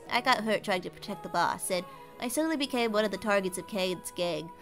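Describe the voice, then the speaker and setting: A woman's voice: mid-range voice, fairly quick, a bit bright, soft background music, close to an everyday voice. A woman voicing a young male stray cat in a game, cutesy and earnest, telling his past.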